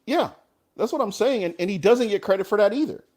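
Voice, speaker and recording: A man's voice: high voice, expressive, fast, a little mellow. Agreeable man on sports talk show. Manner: agreeable, restarts words, uses "you know". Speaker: co-host.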